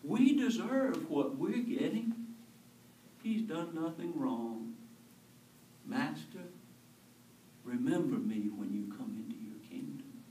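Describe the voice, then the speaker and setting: A pastor voicing a repentant male thief on a cross, slow and humble, in an echoey room from far off. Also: a little high, expressive, warm tone, a little hiss or hum. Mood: pleading.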